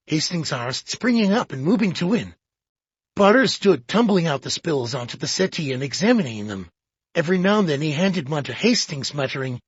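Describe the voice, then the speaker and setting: An audiobook narrator giving a measured, expressive reading of a detective play. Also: medium pitch, husky, no echo. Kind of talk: scripted narration. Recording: dull lo-fi audiobook.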